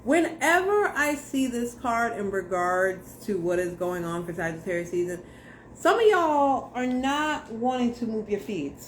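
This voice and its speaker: Speaking directly to her viewers, this young tarot reader is blunt, slangy and profane in a casual on-camera reading. She has a fairly high, animated voice at a measured pace, with a little hiss or hum in the audio.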